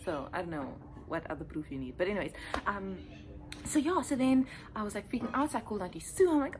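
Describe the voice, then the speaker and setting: A woman's voice: mid-range voice, animated, quick pace, a crowd in the background. A young woman, a first-year teacher, telling a story in a casual vlog and acting out voices and sounds.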